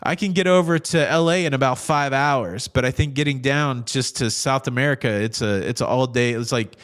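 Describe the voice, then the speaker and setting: A man's voice: mid-range voice, normal speed, fairly bright tone. A middle-aged man hosting a casual cruise news show, chatting in a rambling way with jokey asides and frequent restarts. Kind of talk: casual commentary.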